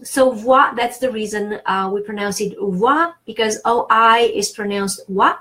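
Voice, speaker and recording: A woman's voice: mid-range voice, poor audio. A woman with a French accent, teaching French pronunciation in an easygoing lesson, full of fillers and restarts. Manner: explains patiently, with many fillers and restarts. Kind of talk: casual spoken lesson.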